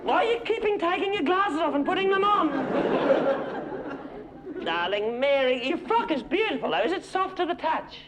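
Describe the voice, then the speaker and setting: A man's voice: very high-pitched, animated, moderate pace, over a noisy crowd, very noisy. A man playing a gushing, condescending middle-aged Australian housewife superstar, trading backhanded compliments with the audience in a live stage comedy act. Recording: live theatre recording, loud audience.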